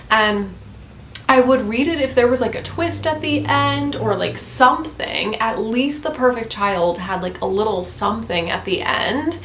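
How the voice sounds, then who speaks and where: A woman's voice: on the high side, normal speed, fairly bright tone, slight background noise. Blunt, chatty woman reviewing books. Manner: chatty and blunt, with frequent swearing and fillers. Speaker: book vlogger. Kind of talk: casual book review vlog.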